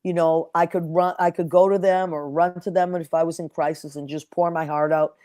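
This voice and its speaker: A woman's voice: fairly low pitch, steady tone, a little fast, warm tone, dry recording, clean studio sound. A woman hosting an interview show, telling heartfelt stories in a casual chat and acting out the people in them. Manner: emotional storyteller, acts out quotes. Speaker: podcast host.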